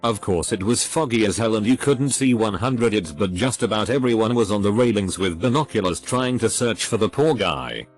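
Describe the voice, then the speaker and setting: Guy reading forum stories, lowish voice but lively ups and downs, quiet music under it. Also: normal speed, hardly any pauses. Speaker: narrator.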